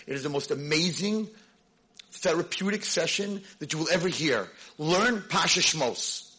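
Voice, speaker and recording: A man's voice: fairly high pitch, lively intonation, unhurried, pushed and bright, breathy edge. A man, a rabbi and educator, giving an emphatic storytelling lecture to a convention audience. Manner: emphatic storytelling, acts out dialogue.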